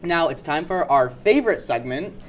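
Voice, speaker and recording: A man's voice: a little high, animated, normal speed, noisy background. A young man co-hosting a student TV entertainment show in an easygoing, friendly way. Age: young adult. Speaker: student co-host. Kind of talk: casual co-hosted entertainment segment. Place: campus TV studio.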